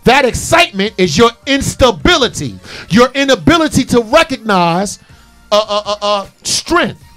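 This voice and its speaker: A man with a high, bright-toned voice hosts a call-in radio talk show, preaching his point with repetition and heat. Faint music plays underneath his voice. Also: sing-song, normal speed. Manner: passionate, preachy, repetitive emphasis.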